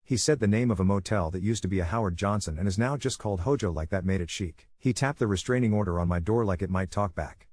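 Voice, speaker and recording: Steady low-voiced male story narrator. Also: fast, hardly any pauses, no echo. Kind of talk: scripted first-person story narration.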